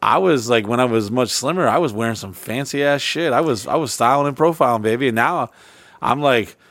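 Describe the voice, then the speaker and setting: Man, podcast co-host, casual profane banter, mid-pitched, dry close sound, rambling. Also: brisk, dry recording. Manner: profane, rambling, bursts into loud impressions.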